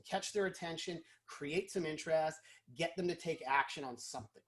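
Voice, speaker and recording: A man, a guest in a casual interview, explaining sales calls and acting out quick snippets of phone chats. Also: on the high side. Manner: animated, acts out phone calls.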